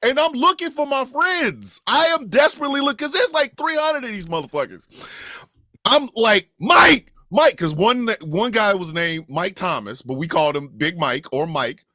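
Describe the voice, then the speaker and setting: A high-pitched man from Kansas City tells a profane comedic story, his voice swinging widely up and down. His tone is bright and forceful as he acts out each person's lines, now and then shouting. The sound is dry and close, with almost no room echo. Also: expressive, normal speed. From Kansas City, USA. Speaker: podcast storyteller.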